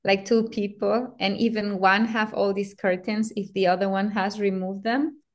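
Soft-spoken woman musing thoughtfully. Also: medium pitch, flat delivery, moderate pace. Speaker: conversation partner. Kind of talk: casual chat.

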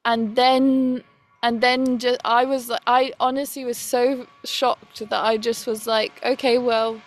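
A woman's voice: a little high, little pitch movement, measured pace. A woman casually recounting a personal story, rambling and quoting others, slipping into French now and then.

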